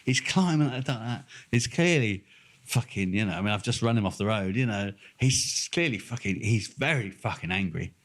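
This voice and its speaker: Older Norfolk bloke, low voice, sweary storyteller who does the voices of people in his tales. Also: lively intonation, normal speed. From England. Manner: swearing, laughing, acting out voices in anecdotes. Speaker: podcast co-host. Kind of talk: casual storytelling chat.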